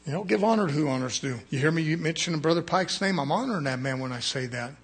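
A man preaching a fiery sermon, swinging from quiet asides to shouted peaks. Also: fairly high pitch, animated, fast, breathy edge.

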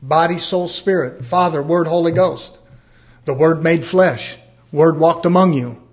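A man's voice: on the high side, a little slow. A man in his fifties preaching a sermon, asking rhetorical questions and calling for amens. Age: 50s. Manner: animated preaching, rhetorical questions, calls of amen.

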